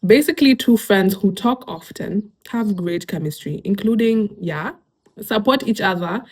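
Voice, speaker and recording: A woman's voice: medium pitch, animated, normal speed, a little mellow, slightly rough. Chatty young Kenyan woman vlogger. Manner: chatty, laughs often, mixes in Swahili slang. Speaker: YouTuber. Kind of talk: casual commentary reading online posts.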